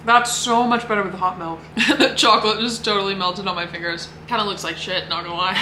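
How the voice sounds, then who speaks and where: A woman's voice: mid-range voice, fairly even intonation, a little fast, echoey room, background noise. Chatty young American woman vlogger. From United States. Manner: chatty, upbeat, with frequent "like". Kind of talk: casual vlog narration.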